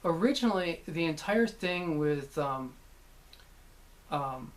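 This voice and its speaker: A man, a voice actor, casually recalling his work, rambling with many pauses and restarts. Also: a little high, animated. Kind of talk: casual anecdotal talk.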